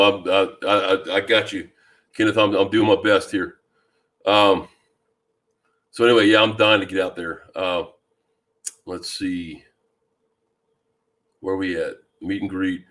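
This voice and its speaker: A man from Louisiana hosting a fishing live stream, chatting casually and greeting viewers by name with a deep voice and plenty of ums. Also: fairly bright tone. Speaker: fishing channel host. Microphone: new microphone.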